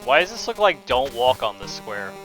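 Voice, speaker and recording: A man's voice: medium pitch, big pitch swings, normal speed, over music, poor audio. Joking, profane young man streaming a game. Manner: joking, profane, laughs often. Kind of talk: casual gaming commentary.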